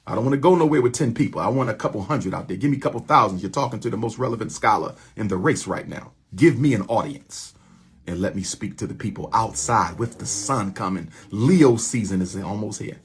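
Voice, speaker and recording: A man's voice: fairly low pitch, lively intonation, a little fast, breathy edge. A man delivering an impassioned, preachy rallying address to his followers, repeating his lines for emphasis. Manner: preachy, repetitive call-and-response phrasing.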